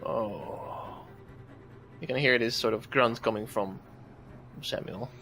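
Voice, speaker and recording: A man narrating as dungeon master in a casual streamed game, with sudden loud bursts. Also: medium pitch, normal speed, slight background noise.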